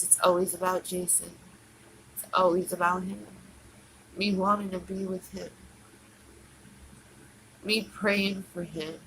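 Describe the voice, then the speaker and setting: Tearful, pleading woman livestreamer, slow. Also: lowish voice, pushed and bright, a little hiss or hum, poor audio. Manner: pleading and repetitive. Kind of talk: emotional livestream monologue.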